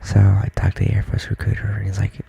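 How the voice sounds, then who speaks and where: A young man talking in soft, halting whispers in a whispered role-play stream, from his barracks room. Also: on the low side, completely flat delivery, creaky.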